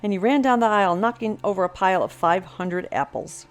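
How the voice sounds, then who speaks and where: Older woman narrator, children's story, expressive read-aloud, faint music under. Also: medium pitch, fairly quick.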